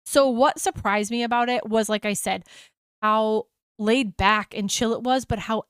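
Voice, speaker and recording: A woman's voice: a little high, steady tone, measured pace, clear, resonant tone, no room sound, clean studio sound. An American woman hosting a travel podcast, telling an enthusiastic, gushing story in a casual chat.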